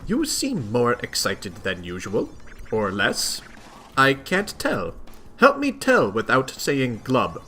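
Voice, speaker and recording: A man voicing a poised, stylish young female alien who speaks in a measured, formal way while reading a webcomic aloud. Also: mid-range voice, huge pitch swings, bright, forceful tone, slight background noise, pitched below the performer's own voice, full character voice. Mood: composed.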